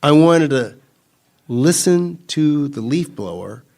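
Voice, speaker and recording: A man's voice: on the high side, lively intonation, slow pace, creaky, darkish tone. A man from California speaking at a recovery retreat, rambling through his story with many restarts and easy laughter. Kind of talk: personal talk at a recovery retreat.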